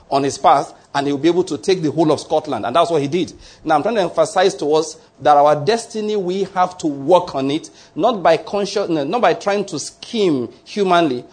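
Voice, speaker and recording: A man's voice: on the high side, a little mellow, husky. A man preaching a sermon, emphatic and repetitive, often checking whether his listeners follow him. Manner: emphatic, repeats key lines, asks the congregation questions.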